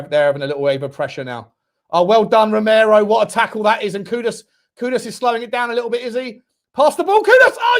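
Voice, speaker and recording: A young man with a high voice calls a football match live for his viewers. He is excitable, bursts into shouts at near-misses, and swears freely between calmer stretches of commentary. He talks straight to his audience throughout. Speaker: fan channel host.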